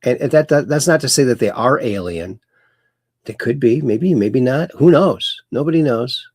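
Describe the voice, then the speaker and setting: A man's voice: medium pitch, expressive, normal speed, darkish tone, breathy edge, dry recording, studio quality. A man hosting a casual livestream, reading out viewer comments and chatting along in a rambling, folksy way that often repeats itself. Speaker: livestream host.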